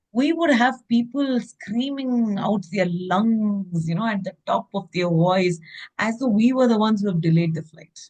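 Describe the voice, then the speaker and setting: A woman talks in an easy, conversational way at a mid-range pitch. She tells airline stories as examples and leans on small fillers as she goes. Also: darkish tone, low-quality recording. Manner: anecdotal, with fillers like "I mean" and "you know". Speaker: behavioral trainer and former airline staff. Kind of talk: interview conversation.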